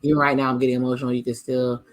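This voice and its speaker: A man's voice: mid-range voice, little pitch movement, very fast, poor audio. A man hosting a reaction video, reading the cast's lines aloud and then reacting to them in casual commentary.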